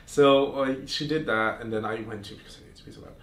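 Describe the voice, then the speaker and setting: A man's voice: medium pitch, quick pace, fairly bright tone. A man hosting a podcast, telling explicit stories in casual chat, full of fillers and restarts. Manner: candid, explicit storytelling with frequent fillers. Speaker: podcast host. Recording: roomy sound, far from mic, faint noise.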